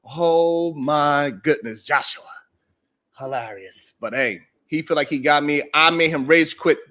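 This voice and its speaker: A man's voice: fairly high pitch, a little slow, a bit bright. A man hosting a livestream, talking casually to his chat in a joking, boastful way and laughing often. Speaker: livestream show host.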